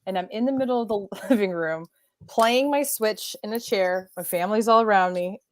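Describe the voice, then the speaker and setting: A woman's voice: mid-range voice, normal speed, no room sound. A woman chatting casually on a podcast, telling jokes and stories in a playful way. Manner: animated, playful joke-teller. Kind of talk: casual chat.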